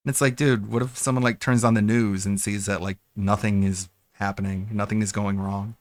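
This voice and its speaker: A man streaming, rambling casually and mocking others with quick impressions. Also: on the low side, fairly even intonation, a bit bright. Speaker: streamer reacting to fan videos.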